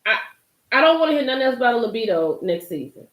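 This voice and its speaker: A young woman hosting a live recap chat, animated and excitable, talking straight to her viewers by name. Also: on the high side, fast talker, reverberant. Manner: animated, gets hyped and loud, talks to chat by name. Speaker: livestream host recapping a reality show.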